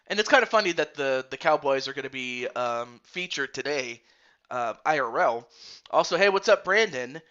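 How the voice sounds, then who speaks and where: Bright-voiced man chatting through a live game stream. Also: medium pitch, expressive, normal speed, dull audio. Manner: chatty, rambling, greets viewers by name. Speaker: streamer commentating a video game league. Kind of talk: casual live-stream commentary.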